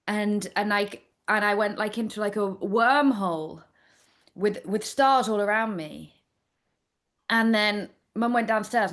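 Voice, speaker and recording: In a casual interview, an astrologer guest from Nottingham, England, spins chatty stories and lets her sentences trail off. Her voice is medium in pitch with a fairly bright tone.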